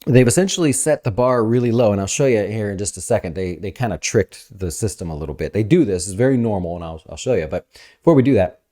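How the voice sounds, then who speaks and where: A man giving casual, energetic market commentary as an investment advisor host, talking fast with fillers. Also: fairly low pitch.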